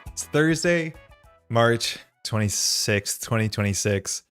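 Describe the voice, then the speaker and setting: A man's voice: mid-range voice, lively intonation, slow pace, a bit bright, soft background music. Breathless, chatty male streamer. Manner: chatty, greets chat viewers by name. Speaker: streamer and host. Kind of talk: casual live-stream chat.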